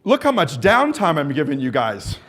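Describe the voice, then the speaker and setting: At a symposium, an exercise coach with a strikingly high voice runs a live workshop drill, coaxing and cheering the group while calling out timed cues and countdowns. His pitch swoops wildly, his pace is normal, and his tone is a touch bright. He stays eager, enthusiastic and encouraging from start to finish.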